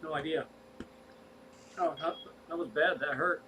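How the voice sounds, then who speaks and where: High bright-voiced man, off-mic. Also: a little slow, distant mic, poor audio. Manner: rambling, restarts often, stretches words when stressing them. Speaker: co-host of a fish rescue livestream. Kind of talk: casual livestream chat. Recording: set back from the mic, faint background noise.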